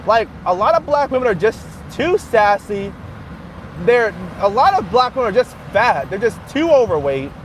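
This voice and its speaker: A man's voice: high voice, very animated, normal speed, slight background noise. A man live-streaming from his car as he drives, chatting casually in a rambling way and laughing often. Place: in a car while driving.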